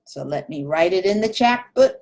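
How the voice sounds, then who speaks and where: A woman's voice: lowish voice, lively intonation, normal speed, darkish tone. A woman teaching a Spanish pronunciation lesson online, patiently repeating tongue twisters and drills aloud.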